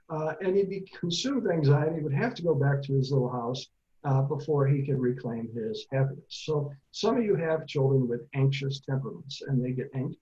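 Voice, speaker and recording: A man's voice: mid-range voice, darkish tone, dull audio. A middle-aged man, a therapist and author, giving a casual online talk to parents, telling stories with many fillers.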